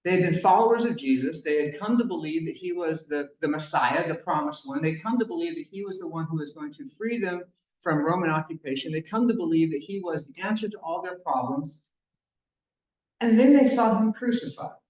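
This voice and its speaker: A man's voice: a little high, lively intonation, fairly quick, darkish tone. A man giving a conversational talk at a banquet, retelling a Bible story with joking asides to the audience. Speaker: banquet speaker. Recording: echoey room.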